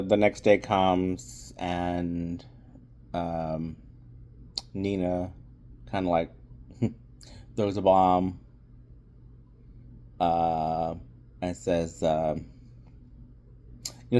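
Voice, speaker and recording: A man's voice: low voice, drawn-out words, long pauses, warm tone. A man giving a casual spoken movie review, rambling with lots of fillers and restarts.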